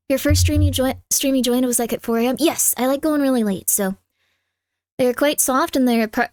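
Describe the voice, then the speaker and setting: A woman streamer chatting casually at home, talking fast with lots of "like" and letting out sudden loud yelps at her cat. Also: high voice, no echo, clean studio sound. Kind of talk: casual live-stream chat. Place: home room with cats.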